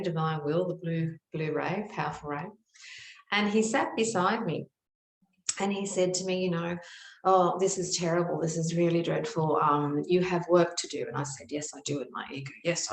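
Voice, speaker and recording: A woman from Australia, a spiritual teacher, telling a personal story in an earnest, animated way with many fillers. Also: sits low, roomy sound, rough recording. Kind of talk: storytelling monologue.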